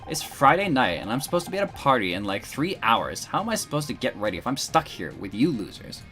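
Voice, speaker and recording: A man's voice: medium pitch, sing-song, moderate pace, soft background music, pitched above the performer's own voice. A man voicing a spoiled, whiny young woman in a game who only cares about her party. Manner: whiny and petulant.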